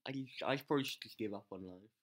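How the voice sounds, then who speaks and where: A gamer commentating live gameplay, excitable, yelling at troops, swearing and mocking themself. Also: medium pitch, quick pace. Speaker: game channel host.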